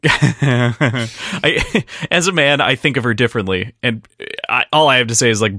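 A man's voice: mid-range voice, animated, slow pace, pauses often, sharp tone, no room sound, studio quality. A man co-hosting a casual book discussion, joking and laughing often. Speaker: podcast co-host.

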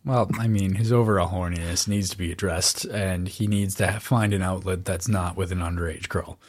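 A man's voice: low-pitched, steady tone, fairly quick, no room sound, clean studio sound. A man co-hosting a casual book discussion, rambling and making wry jokes. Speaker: podcast co-host.

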